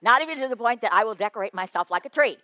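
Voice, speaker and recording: A woman leading a conference workshop on children's ministry, playful and lively as she talks straight to the room. Her voice is bright and forceful, and the recording is dry and close. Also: on the high side, rapid-fire, dry recording. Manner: lively, playful, addresses the audience directly.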